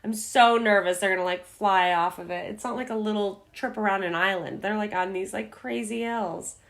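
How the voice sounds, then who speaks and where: A young adult woman guesting on a podcast, chatting casually in an excitable, emphatic way and laughing often. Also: mid-range voice, normal speed, gravelly. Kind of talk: casual recap chat.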